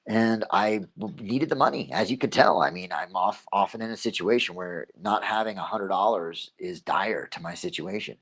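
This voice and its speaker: Male livestream host, slightly low voice. Casual rambling storyteller who repeats himself and gives himself pep talks. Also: normal speed, few pauses, fairly bright tone, breathy edge. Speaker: host of a local livestream show.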